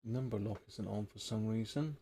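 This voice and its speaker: A man's voice: lowish voice, normal speed, dark tone, slightly rough. A man hosting a live repair stream, thinking aloud in a rambling, casual way and chatting with viewers. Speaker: radio repair livestream host.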